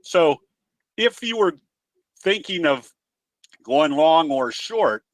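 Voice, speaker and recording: A man's voice: on the high side, sing-song, takes it slowly, no room sound. Folksy male trading presenter, dry sound. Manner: folksy, explanatory, tells jokes. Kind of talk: webinar teaching talk. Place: home office.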